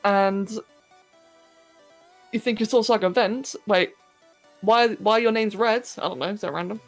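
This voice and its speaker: A woman's voice: mid-range voice, measured pace, faint music behind. A woman streaming a game live, chatting casually, thinking aloud and answering her chat as she plays.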